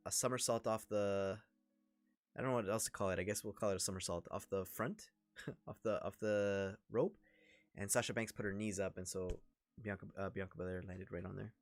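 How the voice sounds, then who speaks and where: A man with a Toronto accent, giving chatty, excitable commentary during a wrestling watch-along livestream. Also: fairly low pitch, a little fast, no room sound, soft background music. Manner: chatty, excitable, reacts to the action. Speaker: livestream host.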